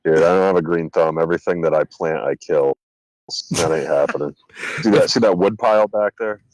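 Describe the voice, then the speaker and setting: A man's voice: low-pitched, fairly quick, darkish tone, no room sound, rough recording. A man co-hosting a podcast, laid-back and answering briefly in casual chat. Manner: laid-back, short replies. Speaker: podcast co-host. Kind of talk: casual chat among friends.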